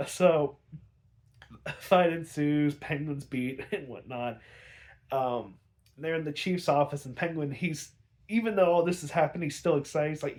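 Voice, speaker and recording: A man's voice: a little high, a little slow, darkish tone. A young man casually recapping an episode, rambling with many fillers and frequent chuckles. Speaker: show reviewer.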